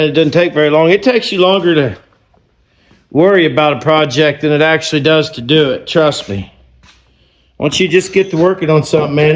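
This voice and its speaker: A man with a fairly high, easygoing voice talks through his shop work in a casual vlog. His manner is folksy and joking, with plain down-to-earth advice. A faint hum of noise sits behind him. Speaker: vlog host and car restorer. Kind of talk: casual chat and work narration.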